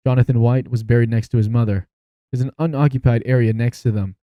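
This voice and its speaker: A man's voice: medium pitch, steady tone, quick pace, no echo, highs cut off. A man playing an interactive horror story game, reading the text aloud and breaking off for amused asides. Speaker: gaming YouTuber.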